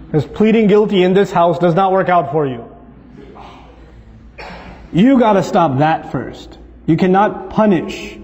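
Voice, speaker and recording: A male speaker gives an animated lecture on parenting, acting out voices and laughing often. His voice is high and mellow. The recording is dull and lo-fi with a long reverb. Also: a little slow. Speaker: Islamic speaker.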